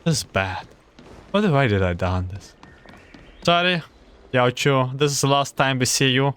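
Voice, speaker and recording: A man's voice: mid-range voice, moderate pace, a bit bright, clear, resonant tone. A young man streaming a game, reading text aloud and muttering anxious reactions. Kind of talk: game playthrough commentary. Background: game music.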